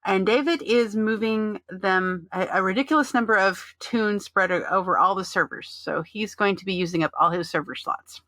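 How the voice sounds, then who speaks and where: Chatty woman podcast co-host, bright voice. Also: medium pitch, normal speed, hardly any pauses, no echo. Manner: chatty, rambling with many fillers and restarts; reads out listener chat messages. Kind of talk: casual chat about an online game.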